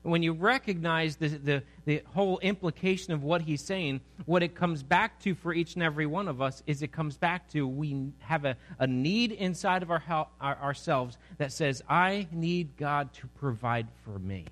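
A man's voice: on the high side, normal speed, hardly any pauses, a bit bright. A man preaching a sermon with growing passion, often repeating words as he speaks. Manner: impassioned, builds in intensity, repeats words. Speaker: pastor.

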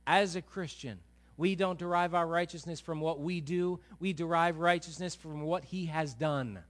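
A male pastor delivers a sermon in a fairly high voice. He is animated, acts out the voices he quotes, and swings between hushed passages and loud ones. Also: moderate pace.

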